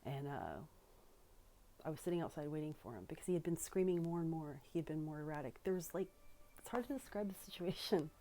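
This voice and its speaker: A young woman recounting a personal story in a loose, halting way, swearing and circling back as she talks. Her voice sits low in pitch, with a dark, mellow tone. The delivery is casual and unscripted. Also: animated, a little hiss or hum. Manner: rambling, halting, with frequent swearing.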